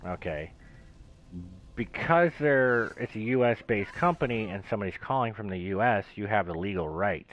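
A man hosting a gaming channel, chatting casually and telling rambling, animated stories. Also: fairly low pitch. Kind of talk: casual chat while gaming. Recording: dull lo-fi voice chat.

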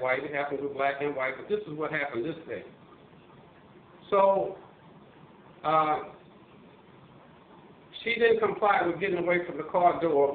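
An older man, a retired police officer from Missouri, telling stories in a halting casual way with many fillers and restarts. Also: a little high, slight background noise. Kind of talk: casual storytelling monologue. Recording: tinny phone-like line, roomy echo.

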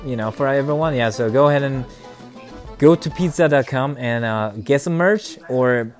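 Young male streamer, excitable casual commentary, mid-pitched voice, faint game music underneath. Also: moderate pace. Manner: excitable, chatty, laughs often, swings from mumbling to loud cheering. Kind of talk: casual live gameplay commentary.

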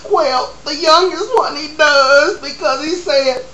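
A man's voice: expressive, slow pace, pushed and bright, dull audio, slight background noise, heavily acted. A man voicing a desperate young woman guest on a talk show, crying and wailing her confession. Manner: wailing, crying high-pitched pleas. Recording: roomy echo.

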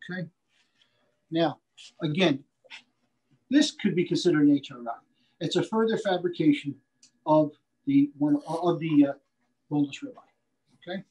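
Folksy butcher teaching, says "okay?" often. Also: male voice, on the high side, a little mellow, poor audio. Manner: folksy, repeats himself, asks "okay?" often. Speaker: butcher instructor. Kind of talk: live cutting demonstration.

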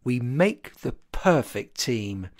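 A reader voicing a kindly male Easter Bunny in a storybook, speaking in a gentle, earnest way. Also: mid-range voice, big pitch swings, slow, voice pushed down. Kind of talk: storybook character voice.

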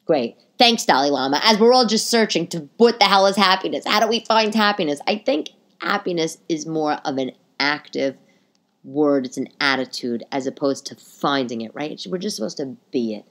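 A woman hosting a podcast, telling stories in a casual, animated monologue that leaps up in pitch for exclamations. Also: normal speed. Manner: animated, jumps high in pitch for quoted exclamations. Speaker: podcast host.

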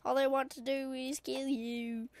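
A woman giving excitable gameplay commentary, chattering and shrieking at the game, sniffly, with a voice prone to cracking. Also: high-pitched, unhurried, no echo. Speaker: gaming video creator.

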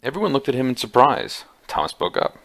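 A man reading an adventure book aloud with small slips, in a gravelly voice. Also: medium pitch, sing-song, brisk, a bit bright. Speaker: audiobook reader. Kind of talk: amateur audiobook reading.

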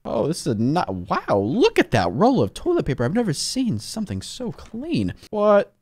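Young male gaming YouTuber, animated pitch, jumps from muttering to shouting, playful and jittery. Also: normal speed. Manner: excitable, shouts and laughs, big swings between mumbling and yelling. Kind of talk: excited gameplay commentary.

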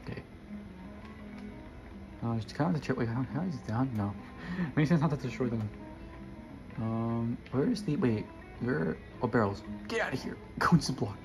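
A man's voice: medium pitch, normal speed, vocal fry, long pauses, music in the background. A young man giving casual, rambling gameplay commentary and chatting to his viewers. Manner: rambling, self-correcting, addresses viewers. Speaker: gamer.

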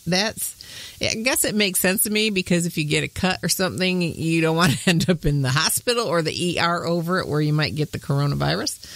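A woman's voice: on the low side, lively intonation, a little fast, fairly bright tone, dry recording. A woman in her thirties from Michigan with a Midwestern accent touched by Southern speech, a podcast host chatting in a homey way and laughing often. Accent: Midwestern American with some Southern. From Michigan, USA. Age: 30s. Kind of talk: casual talk.

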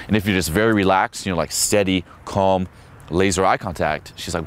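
A man's voice: low voice, lively intonation, fast, slight background noise. A young man giving a casual dating-coach talk outdoors, swearing freely, full of fillers and acted-out quotes.

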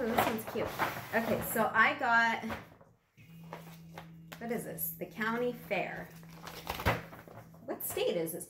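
A woman's voice: a little high, noisy background. A middle-aged woman chatting casually as she opens a pack, rambling and easily amused. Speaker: vlogger. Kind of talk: casual chat while unboxing. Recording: roomy echo, faint music behind.

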